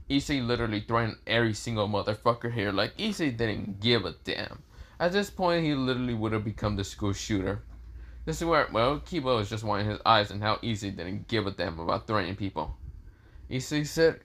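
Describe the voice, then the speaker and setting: A man's voice: fairly low pitch, a little fast, fairly bright tone. A man narrating a fan story off the cuff, rambling with lots of fillers and self-corrections.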